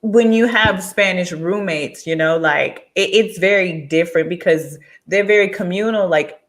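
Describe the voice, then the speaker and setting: A woman from Texas, chatting as a guest in a casual interview, laughing often and getting animated when she quotes people. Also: fairly low pitch, moderate pace. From Texas, USA.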